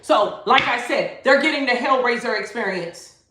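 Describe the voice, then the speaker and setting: A woman's voice: fairly high pitch, normal speed. A woman giving a livestreamed tarot reading. She is emphatic and slangy and repeats her phrases. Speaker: tarot reader. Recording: echoey room, faint noise.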